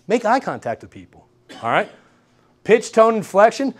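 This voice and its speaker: A young man giving an energetic workshop lecture in a classroom, repeating key points and checking in with the room. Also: high-pitched, normal speed. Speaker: guest lecturer. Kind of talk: university workshop talk.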